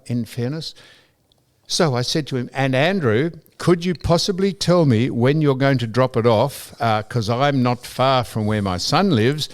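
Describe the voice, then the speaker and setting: Animated older Australian man telling a story. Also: medium pitch. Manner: animated anecdote-telling, mimicking others, laughing, swearing. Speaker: podcast co-host. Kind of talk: casual storytelling chat.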